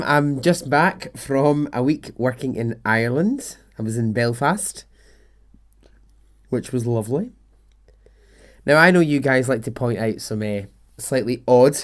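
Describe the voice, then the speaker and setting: A man hosting a storytelling podcast, talking in a chatty way and laughing often. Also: medium pitch. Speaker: podcast host.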